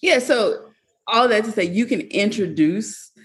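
A woman's voice: mid-range voice, lively intonation, measured pace. A woman in casual conversation, speaking in a matter-of-fact way and clarifying points. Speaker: guest.

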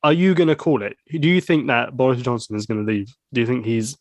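A man's voice: mid-range voice, quick pace, no room sound. Easygoing man asking questions. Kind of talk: casual political chat.

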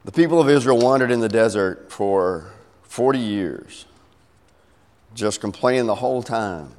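A man's voice: on the low side, animated, a little slow, a little mellow. A middle-aged man preaching a sermon, telling a story and acting out its voices with big swings. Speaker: pastor. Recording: long hall reverb.

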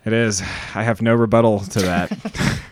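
A man co-hosting a podcast in casual chat, joking in quick banter. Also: fairly low pitch, steady tone, no room sound. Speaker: podcast co-host.

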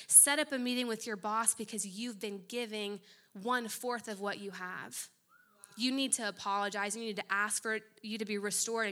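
Bright-voiced young woman preaching to youth. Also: fairly high pitch. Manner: direct, conversational preaching with playful asides and mock-voiced quotes. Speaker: guest speaker. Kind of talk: youth sermon. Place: room full of young people.

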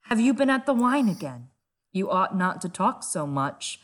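A woman's voice: mid-range voice, close to an everyday voice. A woman reading as a coaxing, scheming lord. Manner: calm, coaxing, measured. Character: smooth scheming male lord, soothing and calculating. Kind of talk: dramatic book reading.

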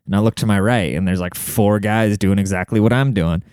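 A young man rambling through a casual solo podcast, crude and sarcastic. His voice comes through smooth and clear on a close mic. The room sound is dry, with no echo. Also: lowish voice, brisk, a little mellow. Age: young adult. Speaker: podcast host. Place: home room with a cat.

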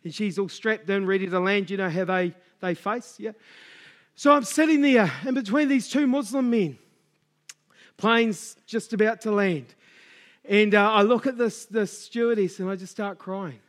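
A middle-aged man preaches a sermon in a notably high voice. He tells his story vividly and voices the other people in it. Then he builds to loud, fervent exhortation. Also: normal speed. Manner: storytelling, acts out dialogue, rising to loud exhortation.

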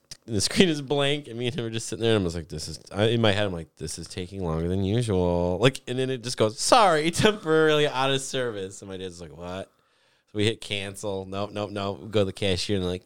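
A man's voice: lowish voice, clear, resonant tone, dry recording, clean studio sound. A man in casual chat, telling a story animatedly, swearing often and acting out the people in it. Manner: animated storyteller, swears a lot, acts out voices.

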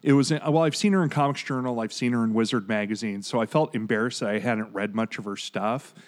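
A man's voice: medium pitch, fast. A man in his forties hosting a podcast, chatting casually and digressing as he reads out award winners. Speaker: podcast host.

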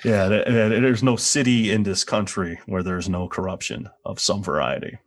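Halting low-voiced man, podcast chat. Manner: hesitant, halting with uh's and restarts, wry. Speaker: podcast co-host. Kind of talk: casual chat reviewing a TV episode.

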